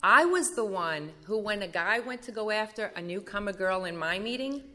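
Forceful, bright-voiced woman telling her story. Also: mid-range voice, normal speed. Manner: animated storytelling, acting out dialogue. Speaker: recovery meeting speaker. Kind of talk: personal recovery testimony.

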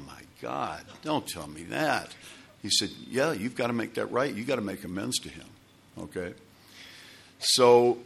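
A man's voice: deep voice, fairly bright tone, a little hiss or hum. A man telling a long personal story to a recovery group, rambling with restarts and asides. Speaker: speaker sharing at a recovery meeting.

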